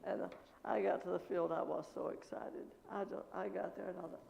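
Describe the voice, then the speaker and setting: An older woman missionary telling her story in church with lively anecdotes and quoted dialogue, recorded in an echoing church. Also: on the low side, brisk, vocal fry, slight background noise. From American Midwest. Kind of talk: testimony talk at church. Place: church sanctuary. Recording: echoey church with long reverb.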